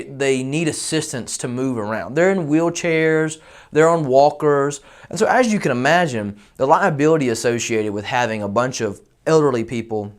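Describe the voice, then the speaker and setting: A man recounts a job gone wrong, in an ordinary mid-range voice. He talks in a candid, animated way and pokes fun at himself as he tells it. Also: medium pitch. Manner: candid, animated, self-deprecating. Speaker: roofing company owner. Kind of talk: casual storytelling.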